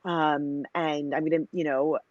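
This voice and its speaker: A woman in her thirties with a low voice tells her story as a guest in a casual interview. She rambles, fills her talk with "you know" and "like," and plays out the lines people said to her. The recording is dry and a little dull. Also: fairly even intonation, measured pace, darkish tone, no echo. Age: 30s. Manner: chatty and long-winded, many "you know" and "like" fillers, acts out quoted lines. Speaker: company founder, interview guest.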